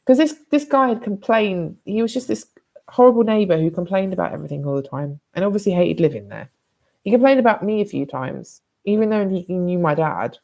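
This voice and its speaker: Gravelly British woman telling a story. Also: mid-range voice, lively intonation, fairly quick, darkish tone. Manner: candid, blunt and rambling, swearing freely. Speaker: vlogger. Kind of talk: casual personal storytelling.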